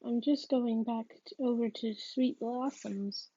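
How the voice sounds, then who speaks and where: A woman's voice: fairly high pitch, fairly even intonation, measured pace, warm tone, breathy edge, dry recording, muffled recording. A woman voicing an uneasy young schoolboy who talks hesitantly, stumbling over his words.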